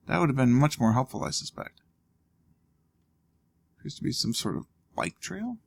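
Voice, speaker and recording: A man with a gravelly, creaky voice talks through a video game in a loose, casual way. He thinks out loud and throws in dry little jokes as he goes. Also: medium pitch, big pitch swings, moderate pace, pauses often. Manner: thinking aloud, wry asides. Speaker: let's play host. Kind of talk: casual gameplay commentary.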